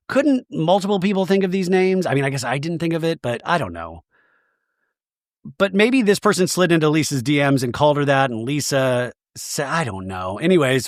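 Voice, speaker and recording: A man hosts a podcast with a comedic TV recap, laughing often and slipping into funny voices for the people he quotes. His voice sits high and leaps up and down in lively swings. The recording is dry, with no room sound. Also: normal speed, dry recording. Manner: animated and giggly, acting out quotes in funny voices. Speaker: podcast host.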